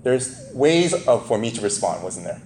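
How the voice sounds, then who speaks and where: A man's voice: lowish voice, very animated, moderate pace, a little mellow, slight background noise. A man preaching a casual, conversational sermon, chuckling often and asking his listeners "right?". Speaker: pastor. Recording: echoey room, faint ambience.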